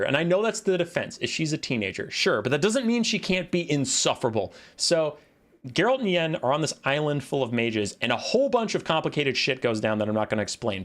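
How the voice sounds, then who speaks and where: A man giving casual commentary on a strategy game, talking in animated, ranting bursts. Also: mid-range voice. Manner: animated, ranting, exasperated outbursts. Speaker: game caster.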